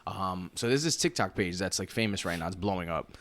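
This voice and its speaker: Profane young man, low and dry. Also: animated, brisk, fairly bright tone, no room sound. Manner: loose, profane, slangy delivery. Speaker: podcast co-host. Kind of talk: casual chat.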